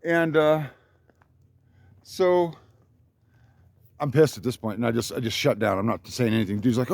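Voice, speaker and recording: A man's voice: mid-range voice, normal speed, creaky, pauses often, a little mellow, no room sound. A man telling a rambling, profane story about his life, boastful and worked up. His voice jumps up when he quotes other people. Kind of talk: rambling monologue.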